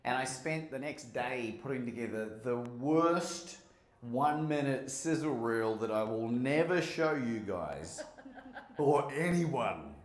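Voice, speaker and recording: Taking it slowly in a mid-range voice, this Australian man from Melbourne, a motivational speaker who also hosts a podcast, gives a lively keynote full of stories and questions to the crowd. The live conference hall setting makes the audio sound roomy.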